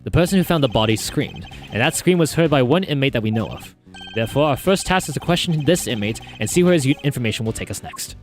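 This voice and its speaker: A game player voicing a formal, analytical male prosecutor with a measured, dry delivery. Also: mid-range voice, animated, soft background music, voice pushed down, close to an everyday voice. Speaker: prosecutor character.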